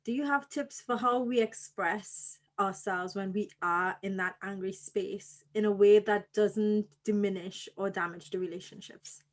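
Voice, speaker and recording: Calm woman host asking questions. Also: mid-range voice, a little slow, few pauses. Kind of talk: interview questions.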